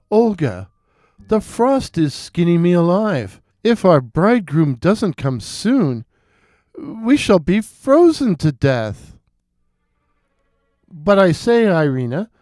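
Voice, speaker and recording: A man's voice: high voice, a little mellow, no echo, clean studio sound, heavily acted. Spoiled quarrelling sisters from a folktale: raised, petulant, snippy, done by a male storyteller.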